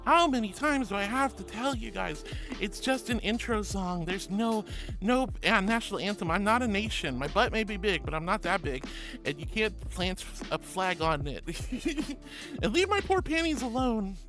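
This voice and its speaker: A woman's voice: mid-range voice, expressive, normal speed, music in the background. A woman VTuber streamer in casual live-stream chat, playful and affectionate, giggling as she greets viewers and reads their messages aloud.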